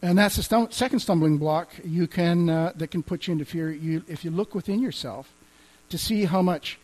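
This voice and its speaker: A man's voice: a little high, normal speed, a little mellow, poor audio. A man teaching as a pastor, speaking conversationally, quoting scripture and chuckling now and then. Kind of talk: teaching on healing and faith.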